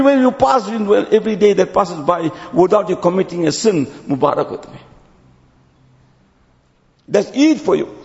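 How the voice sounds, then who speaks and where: Imam, male, high and lively sermon voice; dull recording in a reverberant hall. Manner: storytelling, drops to low quiet tones at ends of phrases.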